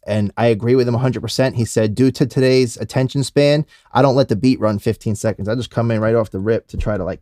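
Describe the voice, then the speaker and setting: A man co-hosting a casual podcast chat, laughing often, his mouth dry and a little hoarse. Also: medium pitch, dark tone, dry recording. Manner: laughing, does cartoon voices. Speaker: podcast co-host.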